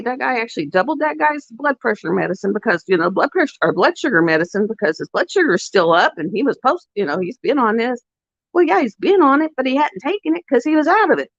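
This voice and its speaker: On a dry, dull lo-fi recording, a woman with a medium-pitched voice hosts a livestream. She chats informally with her audience, rambling through sincere, heartfelt stories.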